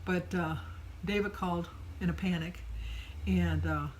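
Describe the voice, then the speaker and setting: A woman's voice: lowish voice, steady tone, measured pace, slight background noise, poor audio. Chatty older woman telling a story. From Michigan. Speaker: vlogger. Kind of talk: casual daily vlog.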